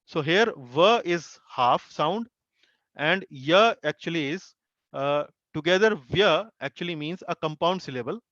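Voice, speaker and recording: A man teaching an online class, his voice a little high for a man. He explains slowly, repeats syllables and fills gaps with "uh". The sound is dull and lo-fi, close and dry. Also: expressive, a bit bright, no room sound. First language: Hindi. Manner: slow explaining with many fillers and repeated syllables. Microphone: video call.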